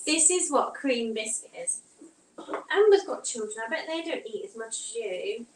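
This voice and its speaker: A chatty mum talks to her viewers while she potters around the kitchen, her throat sounding tight and strained. Her voice sits a little high for a woman. The mic is set some way off in an echoey room, with a faint hum of home noise behind her. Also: animated, moderate pace, distant mic. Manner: chatty, rambling, reads out live comments. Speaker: vlogger. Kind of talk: casual chat while doing housework.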